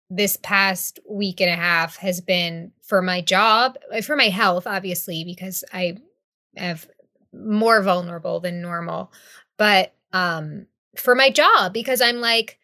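A woman's voice: medium pitch, sharp tone. A woman in her thirties co-hosting a podcast in casual chat, candid, swearing freely and acting out what people said. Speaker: podcast co-host.

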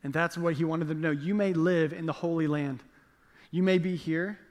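A man's voice: fairly high pitch, steady tone, normal speed, darkish tone. A male pastor preaching a sermon, telling the story with playful jokes and acted-out asides. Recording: long reverb of a large hall.

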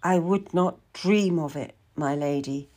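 A woman's voice: low voice, a little slow, darkish tone. A woman voicing a proud, devoted young husband who speaks earnestly and respectfully.

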